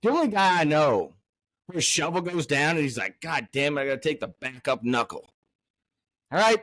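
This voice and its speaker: Male podcast host, fairly high and very lively voice, foul-mouthed ranter, dry close sound. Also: moderate pace, dry recording. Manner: profane, loud, swings from angry ranting to hyped cheer. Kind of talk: casual podcast chat.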